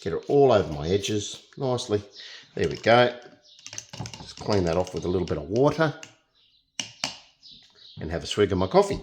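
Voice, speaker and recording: A man's voice: low voice, big pitch swings, moderate pace, pauses often, darkish tone, a little hiss or hum. A young Australian man chatting casually through a painting demonstration, joking as he works. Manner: chatty, jokey, talks while working. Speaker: painting tutor.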